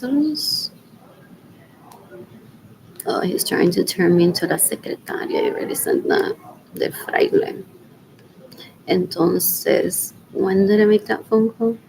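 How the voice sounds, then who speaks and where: Gravelly, rambling woman streaming alone. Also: medium pitch, slight background noise, rough recording. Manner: drifts between loud talk and near-whispers; rambling, repeats filler questions to herself. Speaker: livestreamer. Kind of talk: rambling solo livestream chat.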